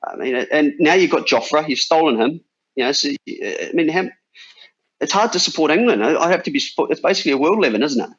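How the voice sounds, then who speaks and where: A man's voice: on the high side, lively intonation, fast, husky. A man in his forties from New Zealand, a former cricketer chatting casually as a podcast guest with lots of restarts. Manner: chatty, bantering, many restarts. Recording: dull lo-fi sound.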